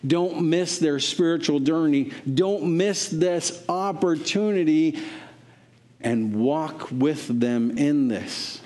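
Slow, earnest preaching man. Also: fairly high pitch, darkish tone. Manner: earnest, exhorting, repeats phrases for emphasis. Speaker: pastor. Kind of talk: sermon.

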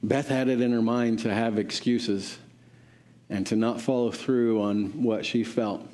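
A man's voice: fairly even intonation, a little slow, a little mellow. A man preaching, telling a story in a sermon and acting out the voices of the people in it. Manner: acts out quoted voices, pitch rising for characters.

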